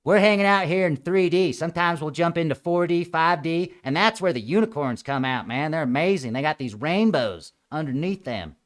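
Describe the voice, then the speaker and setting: A man hosting a show, ranting sarcastically in a mocking, animated way that swings between loud outbursts and quiet asides. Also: a little high, normal speed, few pauses. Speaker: show host. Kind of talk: sarcastic comedic rant. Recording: small room with green screen.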